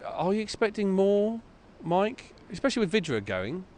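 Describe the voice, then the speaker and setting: A man's voice: high voice, very animated, moderate pace, darkish tone. A man co-hosting a football podcast, asking questions hesitantly with many ums and restarts. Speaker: podcast co-host. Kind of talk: casual football chat. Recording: faint background noise.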